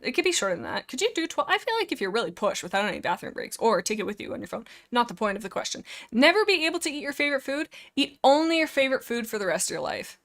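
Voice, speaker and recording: A woman's voice: fairly high pitch, big pitch swings, fast, hardly any pauses, a bit bright. A young woman streaming from home, chatting casually and rambling as she reads and answers viewer comments. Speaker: live streamer.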